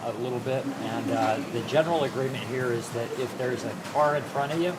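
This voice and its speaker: A man hosting a casual live stream, talking in a relaxed, rambling way with many fillers and restarts. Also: mid-range voice, a little fast, heavy background noise. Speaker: host.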